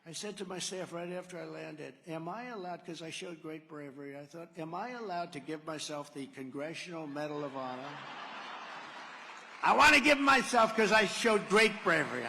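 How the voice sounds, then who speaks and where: A man's voice: on the high side, expressive, moderate pace, pushed and bright. A man giving a rambling, sarcastic campaign rally speech, telling stories and acting out quotes. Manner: digressive, sarcastic, acts out quotes. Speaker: political candidate at a campaign rally. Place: large rally venue. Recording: echoey hall reverb.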